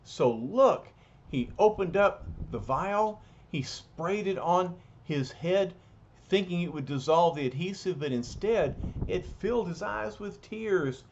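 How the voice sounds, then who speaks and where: A man voicing a calm, explaining male hero leader, in a dull lo-fi recording. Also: sits high, slow pace, slight background noise, voice pushed up, full character voice.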